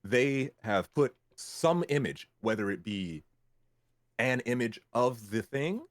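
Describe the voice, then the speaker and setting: A man from Memphis, a voice actor guest telling animated stories about his work in a casual interview. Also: mid-range voice, slow pace, dry recording. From Memphis, Tennessee. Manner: animated storyteller, acts out clients' lines.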